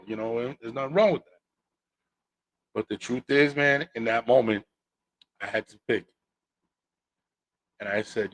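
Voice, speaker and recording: A man hosting a podcast, talking casually and telling animated stories, acting out quotes and repeating phrases for emphasis. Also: mid-range voice, normal speed, long pauses. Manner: animated storytelling, acts out quotes. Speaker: podcast host. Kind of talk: casual monologue.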